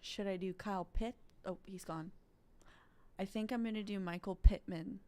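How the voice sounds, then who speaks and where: A woman's voice: mid-range voice, fairly even intonation, moderate pace, a little mellow, a little hiss or hum. A woman guesting on a livestream, chatting casually with a playful, laughing manner. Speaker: guest co-host.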